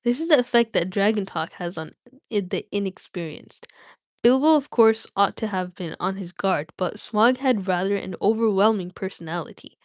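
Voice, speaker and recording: A woman's voice: mid-range voice, normal speed, no echo, clean studio sound. Chatty woman streamer reading aloud. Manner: chatty and playful with viewers, with many restarts. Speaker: livestream host reading aloud. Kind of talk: casual livestream chat and read-aloud.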